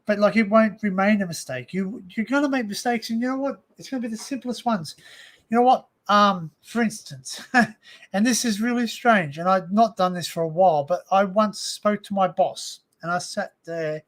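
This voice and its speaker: An Australian man hosts a casual live stream from home, speaking into a desk microphone. His voice sits a little high for a man. He rambles and circles back, leaning on "you know" and "like" between his points. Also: moderate pace. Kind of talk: casual chat.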